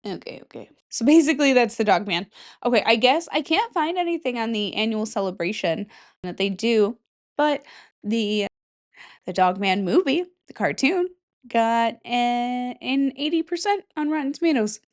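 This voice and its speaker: A woman's voice: fairly high pitch, animated, moderate pace. A young woman hosting a casual podcast, rambling, swearing freely and laughing at herself. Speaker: podcast host. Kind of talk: casual chat.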